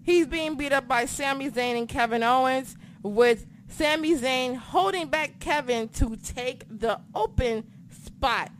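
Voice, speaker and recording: A young woman on a podcast, telling stories in a casual, profane, animated way. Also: high-pitched, a little slow, a little hiss or hum. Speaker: podcast co-host. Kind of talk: casual chat.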